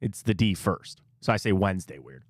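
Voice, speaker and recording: A middle-aged man with a Cleveland accent hosts a casual sports radio show in a mid-pitched voice that swings up and down with a lot of life. He jokes about himself constantly, and the studio sound is close and dry. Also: a little fast, dry recording. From Ohio. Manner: animated, jokey, self-deprecating.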